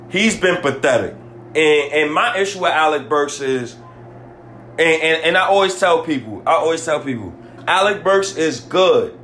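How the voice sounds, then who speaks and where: Heated, animated man ranting on a podcast. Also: fairly high pitch, roomy sound, a little hiss or hum. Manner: heated, exasperated, repeats himself, casual slang. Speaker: sports podcast host. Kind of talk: emotional sports rant.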